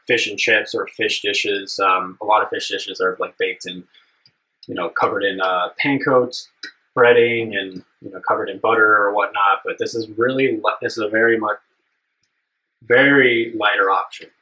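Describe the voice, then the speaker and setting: A man's voice: fairly low pitch, sharp tone, rough recording. A young man hosting a live cooking stream, chatting casually and upbeat with his viewers, rambling with plenty of fillers.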